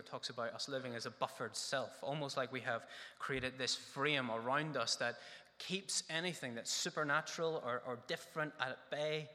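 Guy preaching, earnest, lots of questions to the crowd, bright sharp voice, long echo in the hall. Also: mid-range voice. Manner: earnest, asks rhetorical questions. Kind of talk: sermon. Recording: echoey hall reverb.

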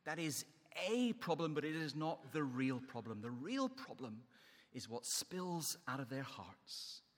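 A man's voice: medium pitch, big pitch swings, measured pace, long reverb tail. A man preaching a sermon in an emphatic delivery that rises and falls. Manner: emphatic, rising and falling delivery.

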